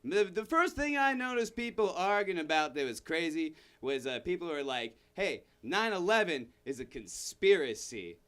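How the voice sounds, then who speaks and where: A young man performing a stand-up comedy set, rambling and self-interrupting, bursting into shouted character bits. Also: fairly high pitch, lively intonation, normal speed, hardly any pauses, clear, resonant tone. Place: comedy room with live audience.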